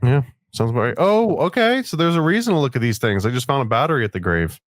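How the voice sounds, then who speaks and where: Here a man with a medium-pitched, sing-song voice talks fast, bantering casually over a voice call during gameplay. A guest player in a gaming video, he's laid-back and jokey, addressing his friend as dude and man.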